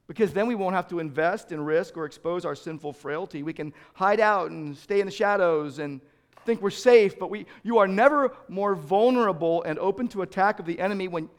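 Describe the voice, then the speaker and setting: A middle-aged male pastor preaching a sermon, swinging between loud emphasis and quiet, close asides. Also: high-pitched, brisk.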